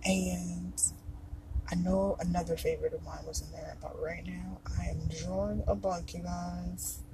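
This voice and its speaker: A podcast host chatting casually on their own, in a loose, profane and expressive way with lots of fillers and asides. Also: mid-range voice, a little slow, creaky, very noisy. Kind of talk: casual solo podcast chat.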